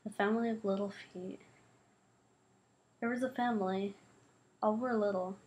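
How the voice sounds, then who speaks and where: A woman reading a novel aloud, lively, shifting her voice for the children's quarrel. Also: medium pitch, moderate pace, lo-fi sound. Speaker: reader.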